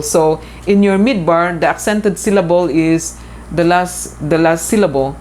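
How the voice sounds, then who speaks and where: A woman teaches in a recorded lecture, her voice sitting on the low side. She explains patiently, repeating key points and pausing on fillers. A faint hiss runs underneath. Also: steady tone, a little mellow. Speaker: instructor.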